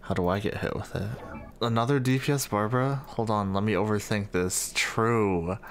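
A man's voice: lowish voice, moderate pace, faint music behind. A man casually reading out and reacting to fan comments, joking and easily amused. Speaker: gaming video creator.

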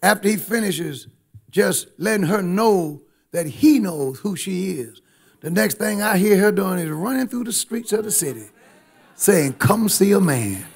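Male preacher, high-pitched, emphatic, engages the congregation, church sermon. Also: expressive, unhurried, creaky, husky.

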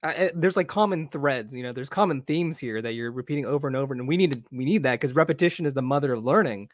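A man's voice: mid-range voice, fast talker. A man hosting a casual interview and responding to his guest in an encouraging way. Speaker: host.

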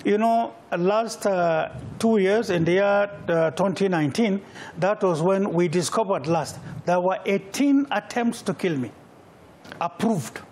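A man's voice: high voice, measured pace, darkish tone, slight background noise. A middle-aged Nigerian man answering interview questions, emphatic and repeating phrases for weight. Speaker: political candidate, guest.

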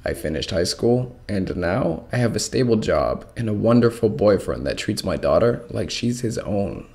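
A man reading a first-person horror story aloud with expressive narration. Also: fairly low pitch, moderate pace, creaky.

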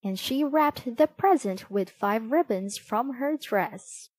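A woman reading a children's picture book aloud, slow and expressive with a lively, rising and falling pitch. Her voice sits fairly high, recorded close and dry. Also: no echo. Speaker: storybook reader.

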